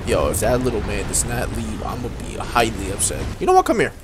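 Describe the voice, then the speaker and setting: A young man giving casual, excitable, slangy commentary while playing a game, talking straight to the enemies he fights. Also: fairly low pitch, fast, background noise. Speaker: gaming video creator. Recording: voice over game music.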